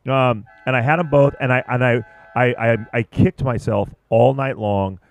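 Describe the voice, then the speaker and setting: A man commentating live at a surfing contest, chatty and excitable, rambling about boards and waves. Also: medium pitch, normal speed.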